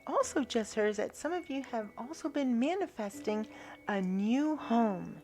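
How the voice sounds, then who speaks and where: A woman giving a spiritual tarot reading in a soft, earnest way, now and then dropping to a hushed whisper. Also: fairly high pitch, lively intonation, normal speed, soft background music. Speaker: tarot reader.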